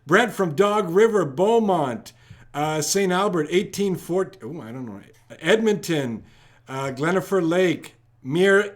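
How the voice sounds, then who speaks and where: A man hosting a live trivia stream, rattling off viewers' locations and shout-outs in an upbeat way. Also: sits high. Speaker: trivia livestream host.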